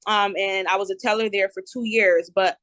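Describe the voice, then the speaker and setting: A woman's voice: medium pitch, normal speed, dry recording. Casting note: twenties New Jersey-accented woman, candid podcast guest, dry close sound. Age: 20s. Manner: lively, candid, lots of "um" and "you know". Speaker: guest entrepreneur. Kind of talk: casual interview chat.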